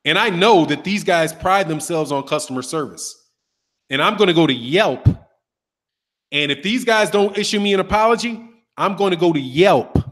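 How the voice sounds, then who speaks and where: Middle-aged guy with a high voice ranting on his boxing channel, swears a lot, acts stuff out. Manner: animated, profane, acts out voices of others. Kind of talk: casual monologue rant.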